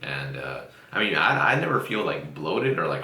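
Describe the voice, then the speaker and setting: A man's voice: a bass voice, big pitch swings, moderate pace, pushed and bright. A man hosting a casual podcast chat, swearing freely and laughing often as he tells stories. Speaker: podcast host. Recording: roomy echo.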